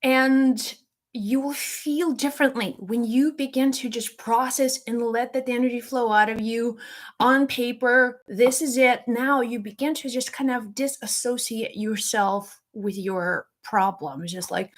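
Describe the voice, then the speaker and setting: Slow, high-voiced woman teaching. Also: steady tone. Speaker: psychic medium and spiritual teacher. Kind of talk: casual spoken teaching to camera.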